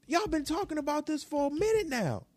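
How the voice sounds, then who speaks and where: Here a basketball talk show host from New York delivers animated commentary, ranting hard and repeating lines for effect. His pitch is extremely high and sing-song, his pace a little fast, and his darkish tone is recorded dry, close up in a small room.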